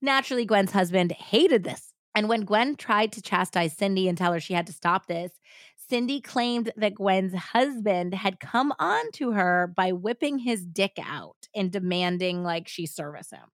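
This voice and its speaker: A woman's voice: medium pitch, lively intonation, measured pace, dry recording, clean studio sound. A young woman hosting a podcast, telling a story casually with lots of "like.". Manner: chatty, frequent "like" fillers. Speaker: podcast host.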